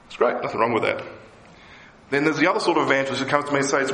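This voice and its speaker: A man preaching a sermon as pastor, lively and emphatic. He voices the people he quotes with a rising pitch. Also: quick pace, roomy sound, rough recording.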